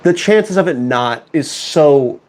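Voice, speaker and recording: Guy streaming from his home studio, kinda high voice, all over the place pitch-wise, sarcastic and rambly. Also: expressive, slow pace, a little mellow. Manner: sarcastic, mock-outraged banter with chat; rambling, self-mocking. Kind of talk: casual live-stream chat.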